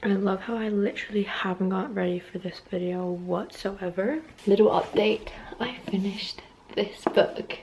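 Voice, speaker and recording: A woman's voice: medium pitch, steady tone, moderate pace, a little mellow, echoey room, slight background noise, poor audio. A woman in her twenties chatting casually in a reading vlog, rambling and full of fillers. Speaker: vlogger. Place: messy bedroom. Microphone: phone camera.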